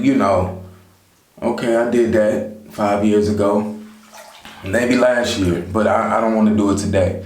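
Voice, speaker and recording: A slightly slow, lowish, somewhat mellow male voice with fairly even intonation gives conversational life advice straight to his vlog audience, often saying "you know." The echoey recording carries a little hiss or hum.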